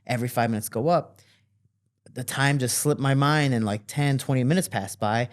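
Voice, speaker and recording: A man telling stories from his childhood as a guest in an interview, with lively quoting and relaxed fillers. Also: normal speed. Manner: animated, jumps higher to quote people; fillers and restarts, relaxed flow. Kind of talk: casual storytelling.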